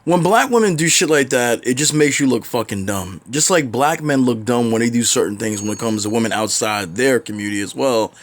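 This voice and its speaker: A man delivers an opinionated reaction commentary, blunt and ranting, with frequent swearing. His voice sits at an ordinary middle pitch for a man. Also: animated, a little fast, few pauses. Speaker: commentary vlogger.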